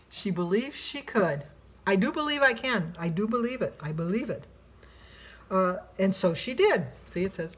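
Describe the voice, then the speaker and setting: A woman's voice: mid-range voice, animated, normal speed, husky. A woman with a Midwestern accent, talking to her viewers in a casual, gushing vlog and breaking into playful singing. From Michigan, USA. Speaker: weight-loss vlogger.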